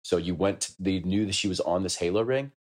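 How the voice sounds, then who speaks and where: A man with a very low voice chats loosely about a video game on a podcast. He rambles, swears freely and laughs while mimicking characters. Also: fairly quick. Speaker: podcast co-host. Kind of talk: casual gaming chat.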